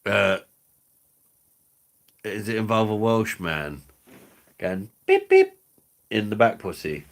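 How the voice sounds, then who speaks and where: A man's voice: on the low side, takes it slowly, creaky, fairly bright tone. A man hosting a live stream, reading out chat comments in crude, sweary banter and laughing often. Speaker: livestream host.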